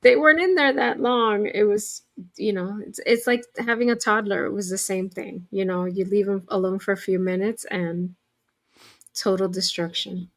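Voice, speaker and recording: A woman's voice: medium pitch, steady tone, normal speed, fairly bright tone. A woman on a podcast, recounting a messy story in a matter-of-fact way with dry humor. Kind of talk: casual chat.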